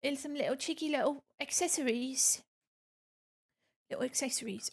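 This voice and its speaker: A woman's voice: high-pitched, normal speed, gravelly, slightly rough. A woman art streamer chatting playfully with her viewers, humming and singing along as she works. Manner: playful and chatty, hums and sings along to music. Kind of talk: casual livestream chat to viewers.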